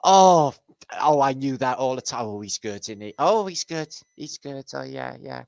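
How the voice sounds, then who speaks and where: A man's voice: mid-range voice, animated, normal speed, gravelly, clear, resonant tone, dry recording, voice pushed up. A man voicing a fussy elderly woman who shushes her husband and fusses over a show.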